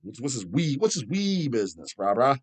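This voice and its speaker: A man's voice: mid-range voice, a little fast, breathy edge. A middle-aged man hosting a metal channel, ranting profanely and answering viewer questions. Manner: profane, animated, mocks people in put-on voices.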